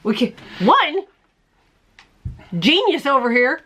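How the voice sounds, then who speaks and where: Woman chatting at home, high bright voice, swoops all over, laughs a lot. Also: slow. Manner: animated, laughs often, acts out her own panic. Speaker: crafting channel host. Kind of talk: casual storytelling chat.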